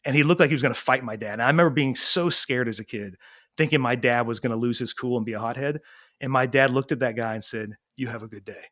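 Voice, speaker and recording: A man's voice: mid-range voice, fast, fairly bright tone. A man in his thirties, a parenting coach telling stories in a casual interview and acting out the dialogue as he goes. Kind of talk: conversational storytelling.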